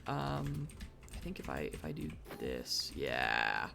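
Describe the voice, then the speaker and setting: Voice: extremely low pitch, huge pitch swings, slow pace, creaky, pushed and bright. A streamer thinking aloud through live gameplay, with mock-dramatic bursts of frustration. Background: faint background music.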